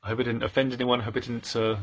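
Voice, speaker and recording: Rapid-fire and level in tone, a man in his thirties rattles on about books for his channel in a medium-pitched, fairly bright voice. The chat is casual and playful, with theatrical flourishes and jokes at his own expense.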